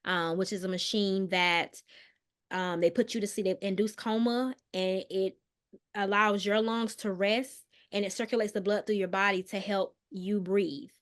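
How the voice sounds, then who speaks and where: A woman, a mental health counselor, recounting a painful personal story as a podcast guest, earnest and hesitant with many pauses and restarts, dropping softer on the hardest details. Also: mid-range voice, fairly even intonation. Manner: soft and subdued on painful details.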